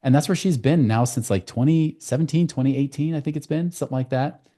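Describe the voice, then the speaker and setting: A man speaking as a guest on a podcast interview, telling client stories in a quick, storytelling way. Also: on the high side, dark tone. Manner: fast, storytelling with client anecdotes. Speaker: guest, financial coach.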